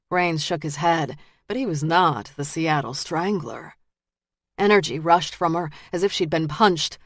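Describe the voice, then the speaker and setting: A woman narrating an audiobook thriller in a measured, tense manner. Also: low voice, dry recording, studio quality. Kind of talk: scripted narration.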